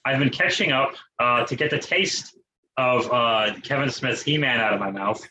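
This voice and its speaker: Wry man with a bright voice and faint noise. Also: mid-range voice, moderate pace, rough recording. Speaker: podcast co-host. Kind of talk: casual comedic chat.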